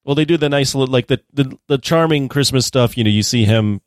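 A man's voice: medium pitch, a little fast, no room sound, clean studio sound. A man co-hosting a podcast, recapping scenes in conversational chat with filler words. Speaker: podcast co-host. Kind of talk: casual chat.

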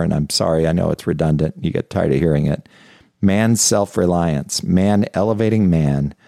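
A man's voice: low voice, vocal fry, dark tone, no room sound, clean studio sound. A middle-aged male pastor preaching a sermon in an earnest, confessional way, often repeating and restarting phrases.

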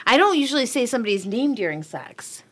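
A woman's voice: a little high, sing-song, quick pace, a bit bright. A woman chatting casually on a podcast, reading out questions and laughing easily. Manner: giggly, reads out questions.

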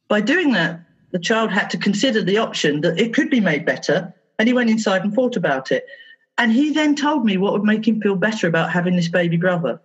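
A woman therapist being interviewed on a podcast, telling stories with lively, animated delivery and acting out her exchanges with children. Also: mid-range voice, a little fast, husky, lo-fi sound. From England. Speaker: therapist guest.

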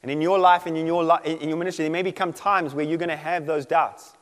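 Man preaching, animated, acts out voices, high-pitched, long hall reverb. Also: fast talker. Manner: animated, acts out quoted voices, laughs often. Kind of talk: sermon.

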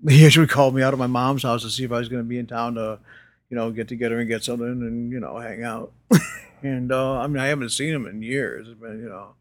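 A man's voice: medium pitch, fairly even intonation, fast talker. Rambling older man telling stories. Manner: rambling, full of you-knows and restarts, laughs often. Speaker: interview guest. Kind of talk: casual storytelling.

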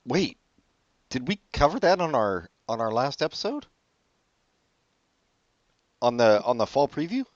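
A man's voice: mid-range voice, sing-song, unhurried, pauses often, no echo. A man co-hosting a casual late-night podcast chat, joking and punning as he rambles. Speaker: podcast co-host. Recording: dull lo-fi dry recording.

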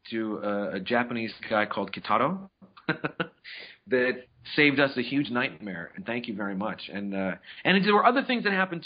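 Rambling husky man telling stories. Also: medium pitch. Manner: rambling storyteller with many restarts, acts out quotes. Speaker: podcast host. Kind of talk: casual chat. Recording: dull lo-fi audio.

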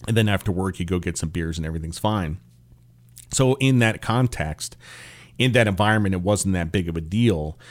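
A man in his forties talks alone into the mic in his home office, hosting his own podcast. His voice sits on the low side, and he speaks in a candid, opinionated, conversational way, wandering into asides. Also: normal speed. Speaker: podcast host. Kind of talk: solo podcast monologue.

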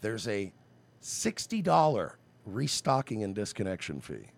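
Male podcast co-host, lively pitch, profane storyteller. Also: a little slow, creaky. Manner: profane, ranting, acts out voices in his stories. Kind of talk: casual chat, animated storytelling.

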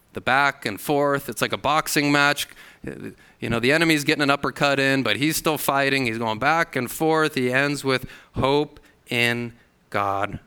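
A man's voice: mid-range voice, pushed and bright, clear, resonant tone. A man preaching a sermon in a church, earnest, acting out the voices he quotes. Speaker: pastor. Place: church hall.

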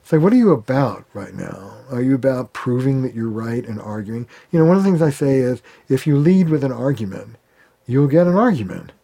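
Male therapist guest: mellow, relaxed tone; lively storyteller who slips into quoted voices. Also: medium pitch, fairly quick, vocal fry, slightly rough. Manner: animated, acts out quoted arguments. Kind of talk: conversational interview.

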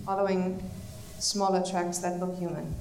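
A woman player at a live tabletop game, speaking in character in an earnest, measured way. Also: lowish voice, little pitch movement, a little mellow. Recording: echoey live venue with faint noise.

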